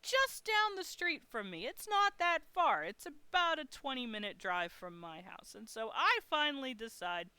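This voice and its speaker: Woman streamer, bright crisp voice, dry close mic, frank chatty storyteller who swears. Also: on the high side, very animated, normal speed, dry recording. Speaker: live-streaming artist. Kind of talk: casual storytelling on a live stream.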